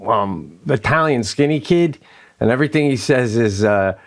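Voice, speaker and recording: Gravelly and medium-pitched, a middle-aged podcast co-host speaks at a moderate pace in casual chat, animatedly telling stories and performing the quotes in them.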